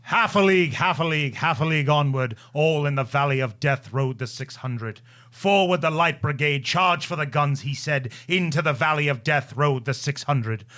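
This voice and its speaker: A man co-hosting a casual history podcast, explaining events in quick bursts. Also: a little high. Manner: explains events quickly, then recites a poem loudly. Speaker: podcast co-host.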